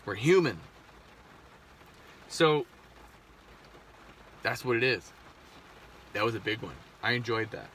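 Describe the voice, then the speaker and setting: A man's voice: medium pitch, lively intonation, slow, pauses often, a bit bright, a little hiss or hum. A man in his thirties, a parent of a seven-year-old, talking candidly in a casual, rambling monologue with swearing and frequent restarts. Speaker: podcast host.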